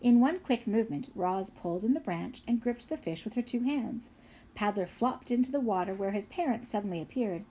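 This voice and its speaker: A woman's voice: mid-range voice, lively intonation, a little fast, mellow, slightly rough. Woman reading a storybook aloud. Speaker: audiobook narrator. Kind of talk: scripted narration.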